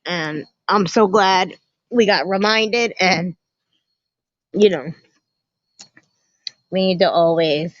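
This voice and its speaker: Lady chatting on her live, animated, greeting everyone in the chat by name, lo-fi phone sound. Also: fairly low pitch, slow pace, long pauses, dry recording. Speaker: livestream host. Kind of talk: casual livestream chat with viewers. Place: indoors at a family home. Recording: muffled lo-fi phone audio.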